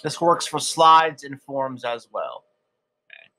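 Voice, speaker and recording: A man's voice: medium pitch, animated, takes it slowly, bright, forceful tone. A man hosting a casual how-to tutorial, talking loosely and checking in with "right?" and "okay?", and drifting into a country accent at times. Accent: slips into a country accent at times. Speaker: edtech tutorial host. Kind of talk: casual screen-recorded tutorial.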